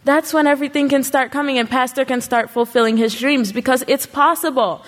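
A woman with a slightly high voice delivers an earnest sermon, exhorting her listeners with a run of rhetorical questions. Her words ring out with a long reverb, as in a large hall. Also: fairly even intonation, brisk. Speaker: congregation speaker.

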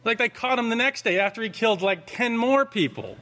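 A man's voice: very high-pitched, lively intonation, a little fast, pushed and bright. A man telling a casual, rambling anecdote, full of fillers and restarts. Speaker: storyteller. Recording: long hall reverb.

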